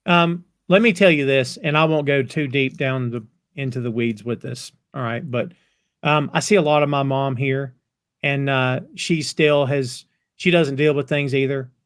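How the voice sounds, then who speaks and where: Animated man recapping a show. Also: mid-range voice, normal speed, smooth, no echo, clean studio sound. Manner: animated storyteller who recaps scenes. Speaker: podcast co-host. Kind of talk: casual recap chat.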